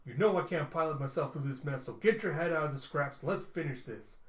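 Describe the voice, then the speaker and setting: Man voicing a gruff griping pilot, loud, highish voice, roomy echo. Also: fairly quick, close to an everyday voice.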